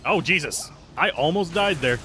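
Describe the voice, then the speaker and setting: Chatty, lively male game streamer. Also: a little high, moderate pace, faint music behind. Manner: chatty, rambling, self-deprecating; reads and answers chat. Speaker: streamer playing a game live. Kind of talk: live gameplay commentary.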